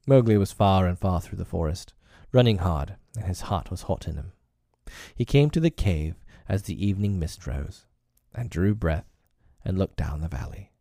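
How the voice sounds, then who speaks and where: A man narrating a classic story in a measured, expressive reading. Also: deep voice, gravelly, no echo, studio quality.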